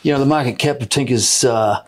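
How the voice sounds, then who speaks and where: This man speaks with a New Zealand accent in an easy, mid-pitched voice. He is answering questions in a conversational interview, often stumbling and repeating words as he works through his explanations. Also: fairly quick. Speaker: mining company executive.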